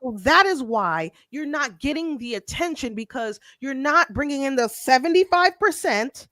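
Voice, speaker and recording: A woman's voice: high-pitched, expressive, pushed and bright, no echo. A woman co-hosting a sports talk show, arguing her point in an emphatic, insistent way. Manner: emphatic, insistent, explains slowly. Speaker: podcast co-host. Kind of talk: heated casual sports debate.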